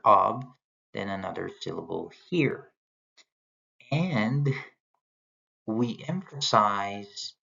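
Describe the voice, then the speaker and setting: A man's voice: fairly low pitch, gravelly, fairly bright tone. A man teaching a lesson on poetry, explaining step by step as he points to examples on slides. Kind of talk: recorded lecture on poetry. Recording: dull lo-fi sound.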